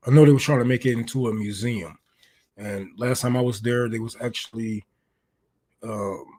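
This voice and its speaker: A man's voice: mid-range voice, darkish tone. A man hosting a casual political livestream, talking loosely and rambling, then breaking into mocking, swearing rants. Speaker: livestream host.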